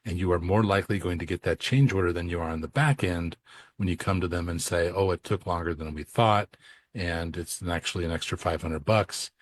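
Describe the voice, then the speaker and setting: A man with a low voice co-hosts a casual podcast for accountants. He talks in a loose, conversational way and acts out both sides of client conversations as he tells stories. The sound is dry and close. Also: fairly quick, no echo. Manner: animated storyteller who acts out dialogue. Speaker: podcast co-host and accounting coach.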